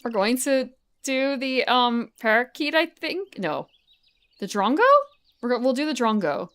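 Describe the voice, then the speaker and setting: A young woman streaming a board video game, thinking aloud in soft, mumbling casual commentary. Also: fairly high pitch, expressive, a little slow, smooth.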